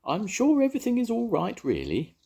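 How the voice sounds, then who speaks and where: A man's voice: sits high, wildly swooping pitch, a little fast, creaky, warm tone, husky, pitched above the performer's own voice, full character voice. An older man voicing a large, posh, well-bred lady investigator who hoots and gushes, in a storybook reading. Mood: hooting gush. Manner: hooting, gushing.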